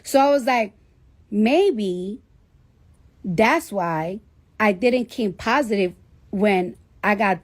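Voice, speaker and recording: A woman's voice: mid-range voice, animated, slow, pauses often. A woman telling a personal story to her livestream viewers, rambling and swearing, with "like" all through her talk. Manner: rambling, profane, heavy use of "like". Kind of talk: casual storytelling.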